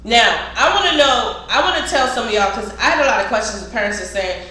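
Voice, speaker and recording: A woman's voice: a little high, fast, hardly any pauses, bright, forceful tone. Direct-speaking woman trainer, recorded in a very reverberant room. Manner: emphatic, direct, talks to viewers as y'all. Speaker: security trainer. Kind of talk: casual instructional talk. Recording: very echoey room, faint noise.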